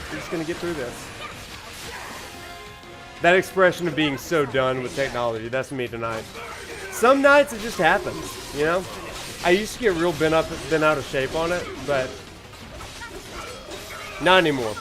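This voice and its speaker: A man's voice: on the high side, animated, moderate pace, pauses often, over music. A man, a university professor, lecturing casually while playing a video game, rambling with many fillers and joking about technical trouble. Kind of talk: casual lecture over gameplay.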